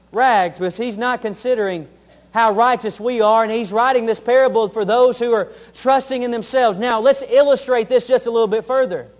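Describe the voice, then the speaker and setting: Man, very high voice, young adult pastor, earnest sermon, folksy stories, repeats key lines.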